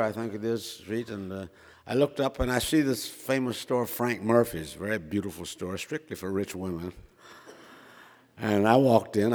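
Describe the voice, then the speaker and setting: Older guy from minnesota, rambling funny story, lots of uh's, echoey hall. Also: on the low side. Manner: chatty, self-mocking, with many fillers. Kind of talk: personal storytelling. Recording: reverberant hall.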